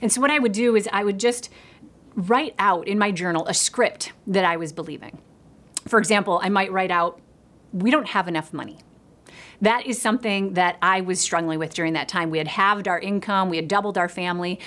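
A middle-aged woman preaching a sermon in an earnest voice, dropping to a soft hush when she speaks God's words. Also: mid-range voice, a little fast.

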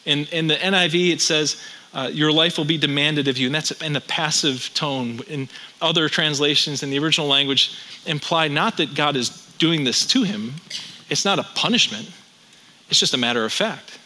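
A male pastor delivers a sermon in a bright, ringing voice that sits slightly high for a man. He moves between plain teaching and wry humor, stacking rhetorical questions to keep listeners with him. He sounds like he is in his thirties. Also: normal speed, rough recording.

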